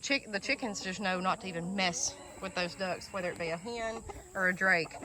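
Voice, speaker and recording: A woman's voice: fairly low pitch, normal speed, noisy background. A woman with a Southern US accent from Alabama, chatting emotionally to viewers while walking outdoors through her garden. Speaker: homestead vlogger. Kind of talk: casual vlog, walking tour of garden. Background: chickens and ducks, outdoor ambience.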